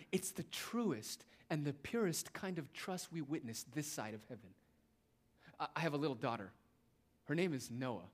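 A young man preaching a sermon, emphatic and repetitive, addressing his listeners as beloved. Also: on the high side. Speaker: pastor.

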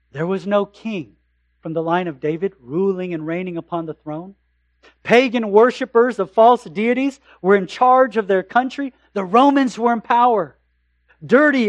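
A man with a notably high voice preaches a sermon. He builds emphasis with repeated phrases and slows for scripture readings. The recording is close and dry. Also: dry recording. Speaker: pastor.

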